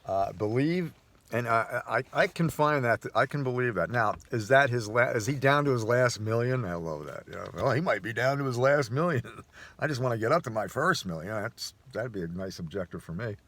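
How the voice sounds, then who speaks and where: A man's voice: mid-range voice, animated, brisk, a bit bright. A man vlogging a casual personal monologue, rambling with frequent restarts and chuckles.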